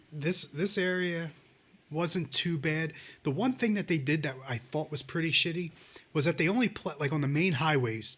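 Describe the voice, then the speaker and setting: A man with a slightly high voice talks loosely on a live call-in show. He rants with sarcasm and swears freely between fillers. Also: fairly bright tone. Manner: ranting, sarcastic, swears a lot. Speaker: podcast co-host. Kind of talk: casual profane chat.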